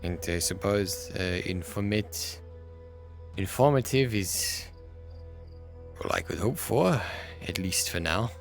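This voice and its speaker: A man's voice: sits low, slow pace, gravelly, soft background music, heavily acted. A man voicing a formal, hesitant young German intellectual in his late twenties, with a put-on German accent. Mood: reserved.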